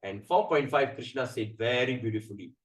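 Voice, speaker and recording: A man giving a scripture class, chanting verses slowly and then explaining them animatedly with many fillers. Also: medium pitch, animated. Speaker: spiritual teacher. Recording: echoey room, mic at a distance.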